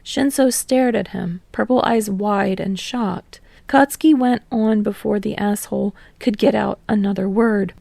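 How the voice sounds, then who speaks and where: Woman narrating with a gravelly tone. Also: mid-range voice, a little slow, few pauses, warm tone, dry recording. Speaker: podfic reader. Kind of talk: fan audiobook narration.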